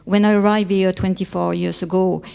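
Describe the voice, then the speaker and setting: Woman, low gravelly voice, halting question, hall echo. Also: flat delivery, mellow. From Brittany, France. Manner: careful, halting, searching for words. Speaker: audience member. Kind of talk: public question. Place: large lecture hall. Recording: long reverb of a lecture hall.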